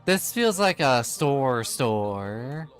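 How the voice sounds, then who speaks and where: A man's voice: medium pitch, very animated, drawn-out words, clean tone, soft background music. A man in casual gaming chat, rambling and laughing, with many fillers as he plays. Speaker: game streamer.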